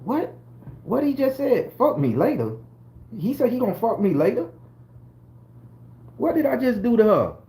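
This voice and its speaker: A man's voice: very high voice, sing-song, moderate pace, pauses often, warm tone, voice pushed up, exaggerated voice. A man voicing an offended young woman at a nightclub, sassy and incredulous.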